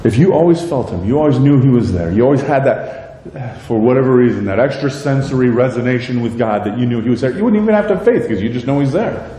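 A man's voice: medium pitch, expressive, fast, few pauses, mellow. A male pastor preaching a sermon in a church, acting out prayers and quotes in a raised voice. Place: church sanctuary. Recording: echoey church hall, faint noise.

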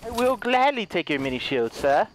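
A man commentating his own gameplay, muttering to himself, then bursting into loud shouts and giggles, and swearing often. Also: sing-song, moderate pace, a little hiss or hum. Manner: high-pitched giggling laughs. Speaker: gaming commentator.

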